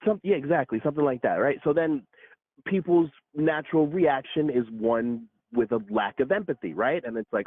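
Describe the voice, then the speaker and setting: A man's voice: medium pitch, lively intonation, normal speed, no room sound. A man talking as a guest in a casual political chat, earnest and searching, often checking in with "right?". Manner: earnest, talks things through with many "right?". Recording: tinny phone-like line.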